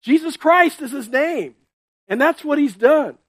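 A high-pitched man with an expressive, fairly bright tone preaches as a pastor, addressing his congregation conversationally. Quick "right?" and "okay?" tags recur, and he restarts and repeats words while explaining; the recording is dry and close, with no room echo.

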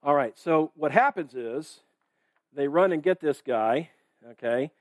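A pastor with a fairly high male voice preaches a sermon, reading verses and commenting casually and conversationally. His intonation is lively and his pace unhurried, with no echo, and he checks in with "right?" and "okay?" amid heavy fillers and restarts.

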